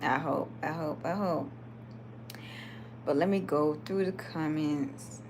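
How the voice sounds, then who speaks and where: A woman from Georgia with a Southern accent chats casually on a late-night live video, reading out comments as she goes. Her voice is low-pitched and her pace slow, with a noisy background behind her. She's lively and talkative and laughs often.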